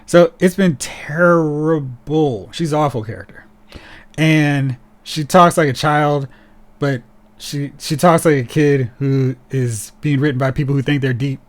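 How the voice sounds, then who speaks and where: A man with a somewhat raised pitch hosts a casual podcast. His talk is animated and full of sarcasm, and he often mocks characters as he goes. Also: a little slow. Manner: animated and sarcastic, mocking characters in put-on voices. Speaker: podcast host.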